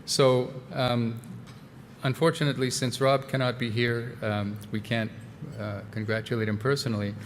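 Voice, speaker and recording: A man's voice: medium pitch, level tone, moderate pace. A man presenting an award on stage, hesitant, with many filler words. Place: large banquet hall. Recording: long hall reverb, faint noise.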